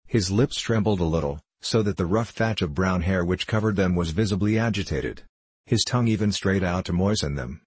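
A man reads a story aloud in a measured, even way. His voice sits very low with a husky grain, and the sound is close and dry with no room around it. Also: no echo. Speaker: audiobook narrator. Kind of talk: scripted narration.

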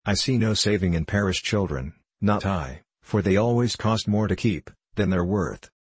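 A man's voice: low voice, expressive, normal speed, husky, dry recording. A man reading aloud, voicing a petty, shrewish woman who snipes pettishly in a storybook. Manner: pettish, sniping.

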